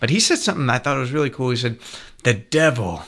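A man co-hosting a faith talk radio show, telling an animated story in casual chat and laughing often. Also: mid-range voice, fast.

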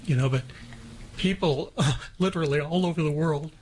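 Higher-voiced man telling a story. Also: darkish tone, a little hiss or hum. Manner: halting, many fillers. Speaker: radio guest. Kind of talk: casual storytelling on radio.

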